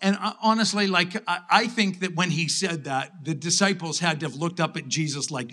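A man's voice: on the high side, normal speed, few pauses, bright, forceful tone. A man preaching a conversational sermon to his congregation in church, playfully acting out skeptical disciples between scripture readings. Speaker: pastor.

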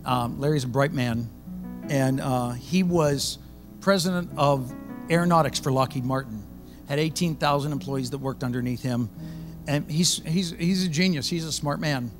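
A man who is a pastor, preaching a sermon in a loud, conversational storytelling way. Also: mid-range voice, moderate pace, over music.

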